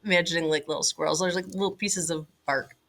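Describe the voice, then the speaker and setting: A middle-aged woman recounting a hunting trip as an interview guest, animated and full of "like"s and fillers. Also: fairly low pitch, fast talker. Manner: animated, many fillers and "like"s, laughing now and then. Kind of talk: casual storytelling.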